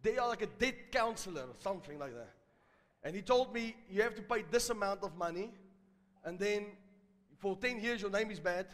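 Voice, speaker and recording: High-voiced South African preacher. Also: male voice, big-room sound. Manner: storytelling, builds to loud emphatic preaching. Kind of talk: sermon.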